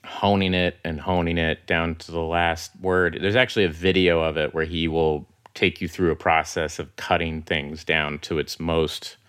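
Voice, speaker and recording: A man from Oklahoma, a guest in a casual interview, talking in a relaxed way full of "you know" and "like.". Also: low-pitched, normal speed, few pauses, clear, resonant tone, no echo, clean studio sound.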